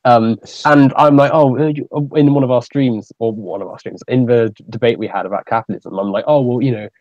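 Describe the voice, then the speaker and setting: A man's voice: mid-range voice, steady tone, brisk, a little mellow, dry recording. A British man hosting a casual group voice chat, rambling with many fillers and restarts. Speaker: stream host. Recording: dull, dry voice-chat audio.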